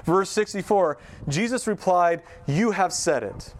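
Guy preaching a laid back sermon, kinda high voice, acts out the quotes, lots of restarts. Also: lively intonation, a little slow. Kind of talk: casual sermon teaching.

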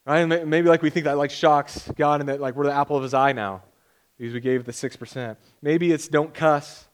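A man's voice: on the high side, steady tone, fairly quick. A young man preaching a sermon as pastor, conversational and joking, often acting out imagined voices.

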